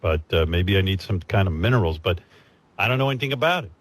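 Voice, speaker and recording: A man's voice: low voice, animated, fast. A man chatting casually on a radio show, rambling and self-mocking. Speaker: radio show host in a played clip.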